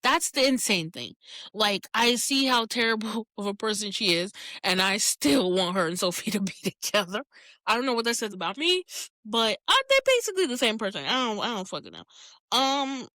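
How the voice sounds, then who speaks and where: A woman's voice: fairly high pitch, normal speed, no room sound, studio quality. A woman hosting a podcast, chatting casually as she recaps a TV episode in a candid, profane way and laughing often. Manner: candid and profane, frequent laughter, animated reactions. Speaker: podcast host.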